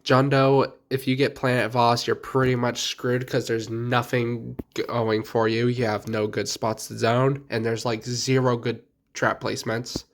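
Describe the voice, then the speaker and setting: A man's voice: medium pitch, level tone, a little slow, slight background noise. A young man with a sick voice giving blunt, offhand commentary on game characters in a casual video. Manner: blunt, offhand, mildly crude. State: sick, stuffy voice. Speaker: gaming video creator.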